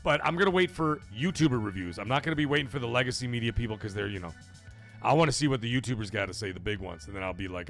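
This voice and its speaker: A man from Canada hosting a casual livestream podcast, reading viewer messages aloud. He rambles, swears freely, and his energy swings between high and low. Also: animated, rapid-fire, a bit bright, faint music behind.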